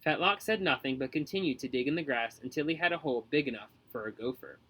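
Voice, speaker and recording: A man reading a children's storybook aloud in an expressive, measured way. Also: medium pitch, slightly rough. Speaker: audiobook narrator. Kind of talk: storybook narration.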